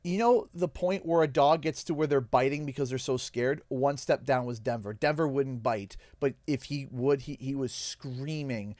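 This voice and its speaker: Young canadian guy on stream, choked up and halting, dry close mic. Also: medium pitch, darkish tone, no room sound. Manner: halting, emotional, pausing often. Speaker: livestream host. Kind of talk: emotional storytelling on a game stream.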